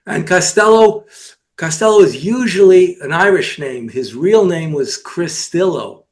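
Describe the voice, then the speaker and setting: A man's voice: sits high, lively intonation, a little slow. A man co-hosting a casual chat, telling anecdotes and listing names. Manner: anecdotal, lists names, retells old jokes.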